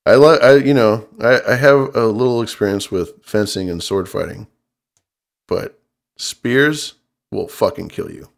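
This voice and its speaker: A man's voice: on the low side, a little slow, vocal fry. A man co-hosting a casual livestream chat, swearing freely and cracking puns. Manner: profane, joking, punning. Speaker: co-host.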